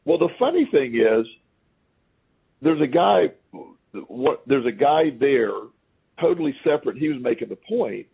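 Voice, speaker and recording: Man, podcast guest, gravelly husky voice, tinny phone-line sound, animated storyteller. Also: medium pitch, measured pace. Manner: animated storyteller who acts out quoted speech. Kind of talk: casual anecdotal storytelling.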